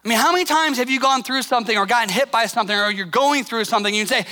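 A male pastor preaching a sermon in a conversational way, acting out what people say and dropping soft and low to stress a point. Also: rapid-fire. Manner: conversational, acts out quoted voices; drops to a soft, low intensity for emphasis.

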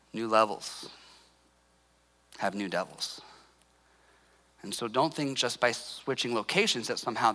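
A male pastor preaching a sermon in a conversational way, acting out what people say and dropping soft and low to stress a point. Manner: conversational, acts out quoted voices; drops to a soft, low intensity for emphasis.

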